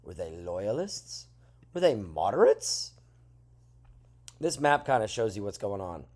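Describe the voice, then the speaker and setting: A man's voice: lowish voice, measured pace. A male teacher talking through a classroom lesson in a chatty way, with joking asides, who says he is tired. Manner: chatty, lively, jokey asides. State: tired, yawning.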